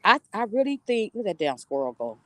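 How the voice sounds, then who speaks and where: A middle-aged woman hosts a casual livestream from outdoors, telling stories in a blunt, profane, emphatic way. Her pitch leaps up and down with lively expression. The sound is dry and close, with no room echo. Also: quick pace. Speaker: livestream host. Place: outdoors near trees.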